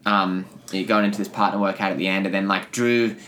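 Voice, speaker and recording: A man's voice: deep voice, steady tone, fairly quick, a bit bright. A young man co-hosting a casual chat, telling stories with lots of fillers and laughter. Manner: rambling storyteller, many fillers and restarts, laughs often. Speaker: podcast co-host.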